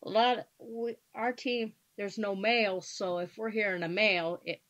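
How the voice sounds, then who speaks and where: A woman's voice: mid-range voice, fairly even intonation, normal speed, a bit bright, highs cut off. A woman on a radio show explaining her ghost-hunting methods in a matter-of-fact, casual way. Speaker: paranormal investigator guest.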